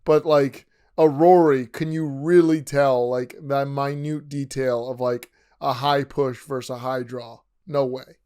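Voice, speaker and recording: A man co-hosting a podcast, reasoning quickly in casual chat. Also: medium pitch, fairly even intonation, a little mellow, smooth. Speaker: podcast co-host.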